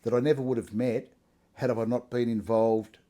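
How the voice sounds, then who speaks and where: Earnest man, mellow voice. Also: medium pitch, fairly even intonation, normal speed. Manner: earnest, conversational, frequent restarts and "you know". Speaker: interviewee sharing his testimony. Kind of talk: casual interview.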